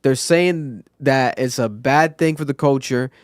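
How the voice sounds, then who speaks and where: A man co-hosting a podcast, commenting casually and reasoning his points out loud. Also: mid-range voice, a little slow, no room sound, clean studio sound. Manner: animated, talks through points out loud. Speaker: podcast co-host.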